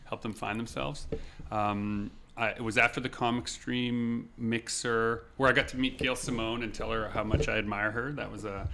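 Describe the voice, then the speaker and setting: A man co-hosting a podcast, telling a story in a casual, animated way and acting out shouted lines. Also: mid-range voice, normal speed, noisy background. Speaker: podcast co-host.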